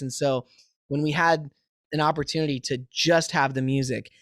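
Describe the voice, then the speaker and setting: A male musician being interviewed over a remote call from his home studio, telling stories in a lively, easily laughing way. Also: fairly high pitch, no echo. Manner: animated storyteller, laughs easily. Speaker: musician guest. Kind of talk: casual interview chat.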